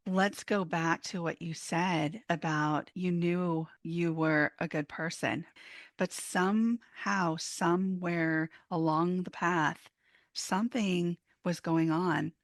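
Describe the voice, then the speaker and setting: A woman host with a lowish voice leads an interview, asking thoughtful, probing questions. She reflects back what the guest says in a measured way. The sound is dry and close. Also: steady tone, dry recording. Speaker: podcast host, psychologist. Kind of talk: interview conversation.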